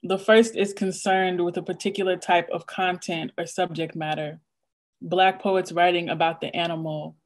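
Poet, woman, lower register; measured, rhythmic lecture reading, a touch nervous, video-call audio. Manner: measured, rhythmic delivery with list-like cadence. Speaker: poet giving a craft talk. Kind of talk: reading a prepared lecture on poetics.

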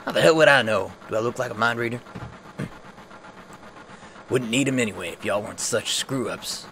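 A man doing Barret, a loud gruff rebel boss. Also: on the low side, measured pace, a little hiss or hum. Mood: angry. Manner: shouting, blustering. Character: gruff loud burly male rebel leader.

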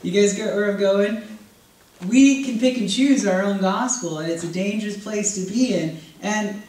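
A woman preaching a sermon to a congregation in a conversational, animated way, often acting out what people might say. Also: medium pitch, moderate pace. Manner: animated, acts out quoted voices, conversational with congregation. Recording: echoey room, voice from far off.

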